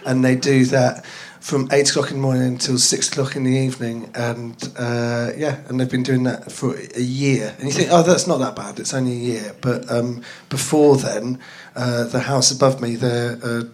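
A man's voice: medium pitch, little pitch movement, moderate pace, hardly any pauses, a little mellow. A young man from North London chatting casually in front of a live audience, rambling and poking fun at himself. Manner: rambling, self-deprecating, laughs at own jokes.

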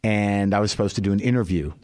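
A man's voice: fairly low pitch, fast talker, darkish tone, no room sound, studio quality. A man hosting a podcast, telling a long personal story in a candid, rambling, profane and wry way. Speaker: podcast host. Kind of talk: comic storytelling monologue.

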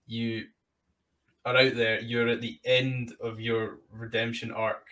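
Enthusiastic host a bit off-mic. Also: male voice, mid-range voice, level tone, slow, pushed and bright, distant mic. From Britain. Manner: enthusiastic and rambling, with restarts and recaps. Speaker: podcast host. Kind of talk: casual interview chat.

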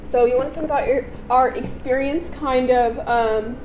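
A woman's voice: sits high, normal speed, background noise. A young woman hosting a podcast in casual chat, chatty and giggly, with a sore throat and stuffy nose, seated outdoors in the cold. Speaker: podcast host. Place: chilly outdoor seating on a street.

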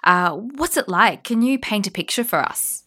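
A woman's voice: medium pitch, lively intonation, normal speed, bright, forceful tone. A woman hosting an interview, prompting her guest with curious, vivid questions. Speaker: interviewer, podcast host.

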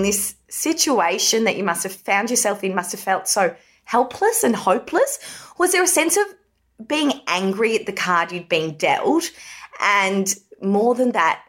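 A woman's voice: medium pitch, fairly bright tone. A woman hosting a podcast, asking empathetic, probing questions. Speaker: podcast host. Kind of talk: interview questions.

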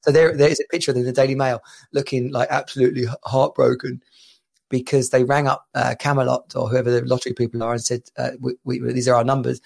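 A man's voice: medium pitch, little pitch movement, fast talker, gravelly, a little mellow. A man co-hosting a podcast, telling an anecdote in casual chat, laughing often and repeating himself. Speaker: podcast co-host.

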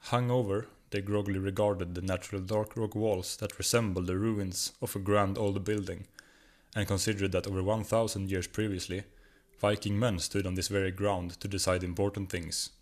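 Swedish guy narrating a funny short story, low voice, steady read. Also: moderate pace. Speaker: guest reader.

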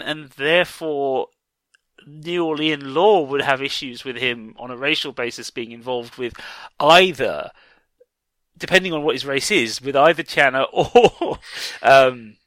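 A man co-hosting a podcast, chatting casually about a film, animated and laughing often with lots of restarts. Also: fairly high pitch, measured pace, dry recording. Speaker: podcast co-host.

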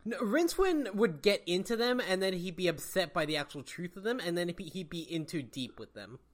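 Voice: mid-range voice, lively intonation, brisk. A podcast co-host joking playfully and laughing at their own lines in casual chat. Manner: playful, self-deprecating, laughs at own jokes. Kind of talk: casual book club chat.

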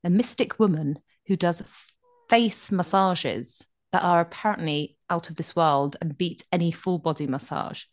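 A middle-aged woman co-hosting a casual chat, rambling enthusiastically with quick asides. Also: fairly low pitch. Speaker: podcast co-host.

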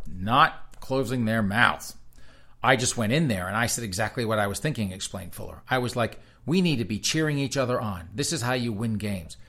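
A man with a lowish voice hosts a casual talk show. He reads headlines and article excerpts in a flat news cadence, then cuts in with sarcastic, mocking remarks. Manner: sarcastic, mocking asides between read-outs. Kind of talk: casual commentary reading headlines aloud.

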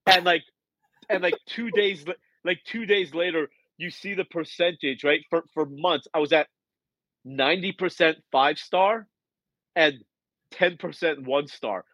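A man's voice: a little high, unhurried, no room sound, dull audio. A man telling a story in a casual podcast conversation, acting out the quoted lines as he goes. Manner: animated storyteller, acts out quoted dialogue. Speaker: guest, author.

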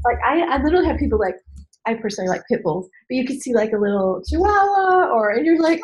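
Animated woman coach, fairly high voice. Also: quick pace, rough recording. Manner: animated, acts out voices and inner dialogue; emphatic, repeats key phrases. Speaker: business coach. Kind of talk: candid podcast conversation.

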